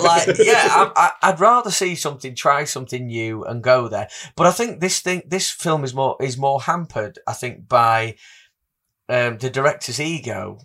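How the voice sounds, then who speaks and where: A man's voice: medium pitch, sharp tone. Male podcast co-host, eager and rambling, casual film talk. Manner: enthusiastic, rambling with restarts. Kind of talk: casual film review chat.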